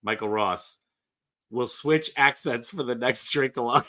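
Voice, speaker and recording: A man's voice: mid-range voice, a little slow, bright, forceful tone. A man in casual, swearing banter on a live stream, talking over a video call. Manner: loose, joking, swears a lot. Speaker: co-host.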